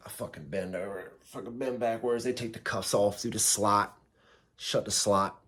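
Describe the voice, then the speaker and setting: A man's voice: lowish voice, fairly even intonation, normal speed, a bit bright, breathy edge. A man telling a story in a casual way, blunt and heavily profane, and mocking himself. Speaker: vlogger recounting prison time.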